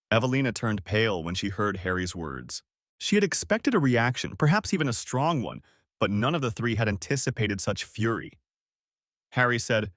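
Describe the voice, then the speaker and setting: A man narrating an audiobook story in a steady storytelling way. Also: mid-range voice, moderate pace, no room sound, studio quality.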